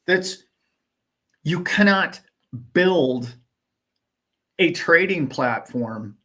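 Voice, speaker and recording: A man's voice: on the high side, lively intonation, extremely slow, pushed and bright. A man hosting a casual livestream, talking emphatically in a ranting way and firing off rhetorical questions. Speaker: livestream host.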